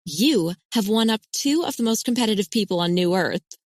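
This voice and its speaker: A woman voicing a cheerful, chatty young woman in an audiobook, talking in a lively way. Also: mid-range voice, moderate pace, no room sound, clean studio sound, voice pushed up, close to an everyday voice. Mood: amused. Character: cheerful young woman, teasing about her brothers.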